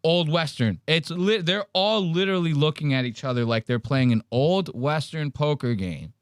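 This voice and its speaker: A man's voice: a little high, moderate pace, clean tone, no echo, studio quality. A man hosting a podcast, casually commenting on clips, swearing freely and acting out the people he quotes. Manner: animated, profane, acts out quotes in varied voices. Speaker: podcast host.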